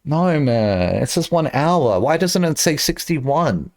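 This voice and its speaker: Lively man rambling on stream. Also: a little high, slow pace. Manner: rambling, joking, swearing, bursts of shouting. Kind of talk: casual live-stream chat.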